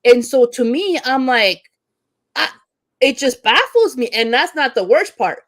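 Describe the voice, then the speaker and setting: A woman's voice: sits high, animated, unhurried. Fiery, profane woman ranting in discussion. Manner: frequent restarts and stumbles. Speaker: teacher and panel guest. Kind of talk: impassioned discussion.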